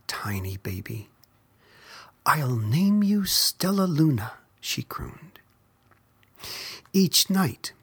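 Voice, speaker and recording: A storyteller softly whispers a children's picture book, taking it slowly and gently. The voice is very breathy with a gravelly texture, and its pitch rises and falls expressively.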